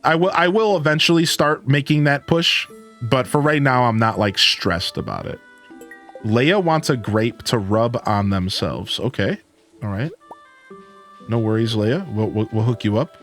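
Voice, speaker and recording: A man's voice: mid-range voice, lively intonation, measured pace, fairly bright tone, faint music behind. A young man chatting casually and greeting viewers while he plays a farming game on a live stream. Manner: laid-back, chatty, greets chat.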